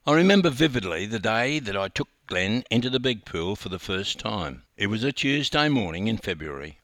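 An older Australian man, a former swim coach, reading his own memoir aloud with wry, animated storytelling. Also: mid-range voice, no echo, clean studio sound.

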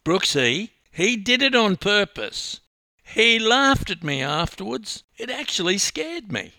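A man putting on a wailing, high-pitched young swimmer. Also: very animated, takes it slowly, vocal fry, pushed and bright, dry recording, exaggerated voice. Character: upset young male swimmer, whiny and frightened.

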